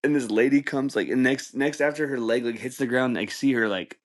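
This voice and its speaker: A podcast host rambles through a casual storytelling monologue, laid-back and a little fast, swearing freely and peppering his talk with "like" and "dude." When he acts out voices in quoted speech, his pitch jumps far higher.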